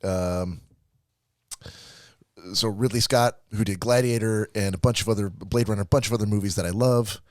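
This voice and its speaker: A man's voice: lowish voice, moderate pace, darkish tone, no echo, clean studio sound. A man co-hosting a podcast, ranting and laughing through a profane movie review in casual chat. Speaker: podcast co-host.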